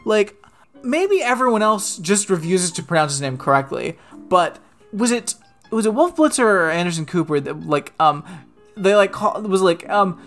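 A man's voice: sits high, big pitch swings, normal speed, a bit bright, soft background music. A man co-hosting a casual political talk show, ranting and mocking with plenty of swearing. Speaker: podcast co-host.

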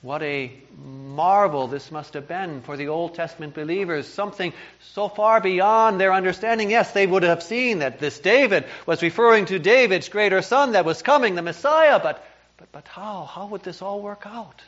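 A man with a fairly high voice preaches a sermon, earnest and emphatic, now and then stumbling over a repeated word. The recording is dull and lo-fi, made in a church. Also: normal speed, fairly bright tone. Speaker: pastor.

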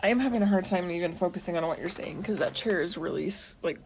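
A tired young woman speaks in a slightly low voice, frank and plain in casual chat. Her talk is sprinkled with 'like', with a faint hiss behind it. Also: fast talker. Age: young adult. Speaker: podcast co-host.

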